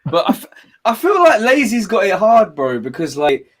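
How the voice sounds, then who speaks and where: A man's voice: high voice, wildly swooping pitch, normal speed. A male host chatting loosely, laughing easily and calling guests "bro". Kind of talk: casual chat.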